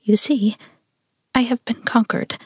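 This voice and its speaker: A woman's voice: a little high, a little slow, a little mellow, dry recording, clean studio sound. A woman reading aloud voices a tender, passionate young woman who speaks in a pleading, quivering way, in a raised voice. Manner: pleading, tremulous.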